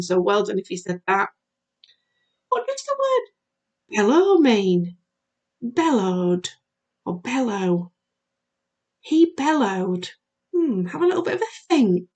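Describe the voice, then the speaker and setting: A primary school teacher recording a video lesson for young children, asking questions in a sing-song way. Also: female voice, medium pitch, animated, normal speed.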